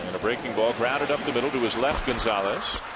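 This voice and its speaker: Man, play-by-play announcer, live baseball commentary, medium pitch, heavy background noise. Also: fairly quick. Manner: steady informative delivery, rising for big plays.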